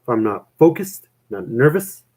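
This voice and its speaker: A man's voice: mid-range voice, big pitch swings, moderate pace, darkish tone, low-quality recording. Young guy streaming, rambly casual chat, says dude and man a lot, laughs at himself. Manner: rambling, self-mocking, full of "man" and "dude".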